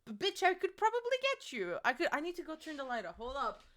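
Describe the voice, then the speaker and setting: A woman's voice: high voice, huge pitch swings, quick pace, fairly bright tone. A young woman streaming from her home, chatting casually and playfully with her chat and swearing freely.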